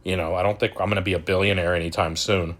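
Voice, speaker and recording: A man's voice: low-pitched, level tone, fast talker, a bit bright. A young man hosting a crypto channel, ranting in a profane, exasperated and mocking way. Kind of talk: ranting video commentary.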